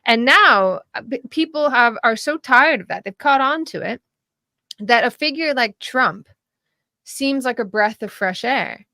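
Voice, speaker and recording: A woman talking casually about politics as a podcast guest, animated and laughing often, with frequent restarts. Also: on the high side, a little slow, no echo, clean studio sound.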